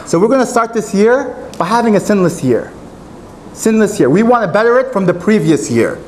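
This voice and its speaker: Male preacher, high-pitched, earnest sermon delivery with faint background noise. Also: sing-song, fairly quick, a little mellow, poor audio. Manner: earnest, retelling a story with quoted dialogue. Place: mosque.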